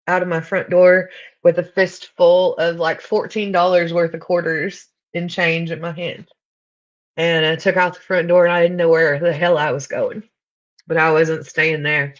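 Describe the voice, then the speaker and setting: A woman's voice: lowish voice, highs cut off. A woman giving a candid recovery testimony, blunt and full of fillers. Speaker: recovery speaker.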